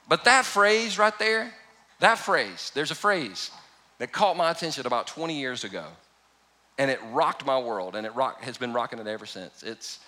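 A man preaching a sermon as pastor, animated and emphatic, with humorous storytelling. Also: mid-range voice, normal speed.

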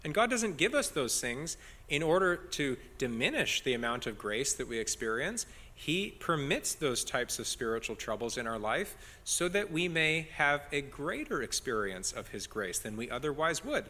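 A man's voice: mid-range voice, sing-song, moderate pace, sharp tone, big-room sound. A man preaching an expository sermon as pastor, earnest and building emphasis on key phrases.

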